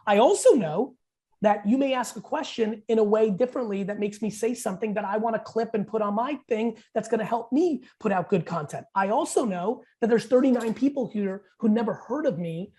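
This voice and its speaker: A man in his forties, a podcast guest, telling stories in blunt, profane, rapid-fire talk. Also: high voice, warm tone. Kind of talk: casual podcast interview.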